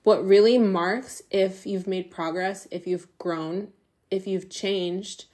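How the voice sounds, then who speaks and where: A woman's voice: mid-range voice, fairly even intonation, takes it slowly, dark tone. Woman doing a solo podcast, super chatty and candid, laughs a lot, swears here and there. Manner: chatty and confessional, laughs often, swears freely. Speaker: podcast host. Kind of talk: casual solo podcast monologue.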